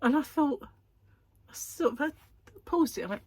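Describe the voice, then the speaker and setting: A woman's voice: on the high side, lively intonation, brisk, pauses often, a little mellow, slightly rough, dry recording. A woman talking in a rambling, chatty way, laughing often and acting out the things she and others said. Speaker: host of a crochet chat channel. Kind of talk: casual chat.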